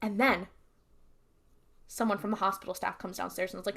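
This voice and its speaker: A woman's voice: medium pitch, fairly even intonation, fairly quick, gravelly, fairly bright tone. Chatty woman recapping a show. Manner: chatty storytelling that keeps acting out characters' lines. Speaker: podcast co-host. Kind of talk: casual episode recap.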